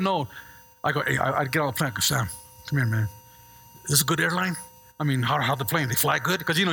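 A middle-aged man preaching a sermon as a pastor, telling stories with lively asides and checking in with the congregation. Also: sits high, vocal fry, husky. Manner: animated storytelling with call-and-response asides.

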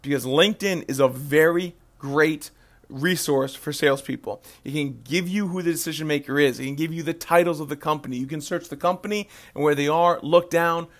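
A man's voice: fairly high pitch, a little fast. A young man hosting a casual sales podcast, talking with energy, repeating himself and acting out sample phone calls. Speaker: podcast host.

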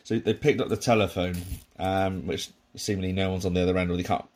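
Guy, really low voice, rambling casual commentary, lots of restarts. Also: fairly even intonation, quick pace, darkish tone. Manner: rambling, with many restarts and asides. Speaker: podcast host reviewing a sitcom.

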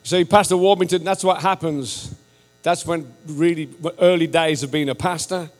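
A man preaching to a church, joking and animated, laughing often and rising almost to a shout. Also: fairly high pitch, moderate pace. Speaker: visiting missionary preacher. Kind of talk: sermon, casual and joking. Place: large church hall. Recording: live church hall with reverb and faint music.

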